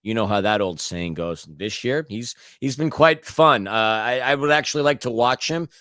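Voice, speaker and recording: A man's voice: mid-range voice, animated, moderate pace, a bit bright, dry recording. A man co-hosting a podcast, recapping a soccer match in casual chat with blunt rants and sarcastic asides. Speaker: podcast co-host.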